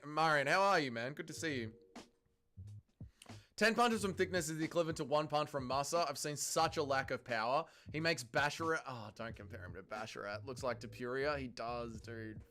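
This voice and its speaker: Mocking, profane young streamer. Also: male voice, medium pitch, sharp tone. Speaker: livestream host. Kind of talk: fight watch-along commentary.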